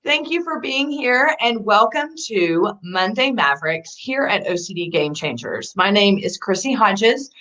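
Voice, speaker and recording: A woman hosts a live online talk, chatty and bubbly and quick to laugh. Her pitch rises and falls with a lot of life. She sounds like she is speaking from home over a video call. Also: animated, sharp tone, poor audio. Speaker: host. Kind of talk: casual livestream talk.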